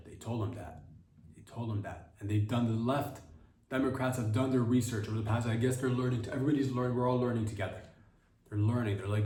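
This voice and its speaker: A man's voice: mid-range voice, fast talker, warm tone, echoey room, recorded from a distance. A man hosting a comedy podcast, rambling and interrupting himself as he goes. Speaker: podcast host.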